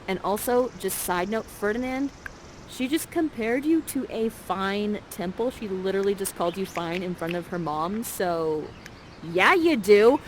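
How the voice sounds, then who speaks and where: A woman's voice: medium pitch, expressive, measured pace, a little hiss or hum, low-quality recording. A woman guiding players through an interactive play, upbeat and teasing, speaking into a headset mic. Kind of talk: playful stage direction.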